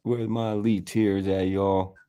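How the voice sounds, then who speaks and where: A man talks football picks in a casual, folksy way. His voice sits a bit low. He drops "man" and "y'all" constantly. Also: flat delivery, measured pace, mellow. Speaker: co-host. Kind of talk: casual sports picks chat.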